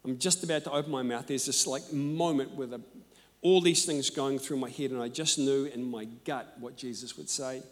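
A man preaching a sermon and telling personal stories, animated and emphatic, moving between loud and hushed. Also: medium pitch, normal speed, few pauses. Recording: echoey hall.

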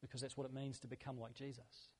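A man's voice: mid-range voice, level tone, quick pace, darkish tone, slightly rough. A man preaching a sermon as a pastor, earnest and conversational, building his points through repeated phrases. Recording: long hall reverb.

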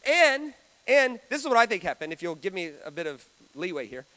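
A man preaching a storytelling sermon, talking to the audience in a conversational way with dramatic swings between loud and soft. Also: sits high, big pitch swings, brisk. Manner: conversational, asks the audience questions.

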